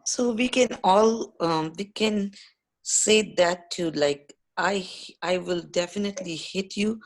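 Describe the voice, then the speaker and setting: A woman student offers a translation slowly and tentatively. Her voice sits low and unhurried. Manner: slow, tentative.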